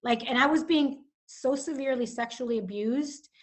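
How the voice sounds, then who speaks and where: A woman's voice: sits high, moderate pace. A middle-aged woman giving personal testimony as a podcast guest, emotional and rambling, with restarts and many fillers. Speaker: guest author.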